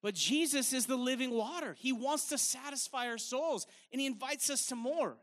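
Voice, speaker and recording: Man, preacher, very high pitch, energetic sermon, conversational, repeats phrases. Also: moderate pace. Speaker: evangelist preacher.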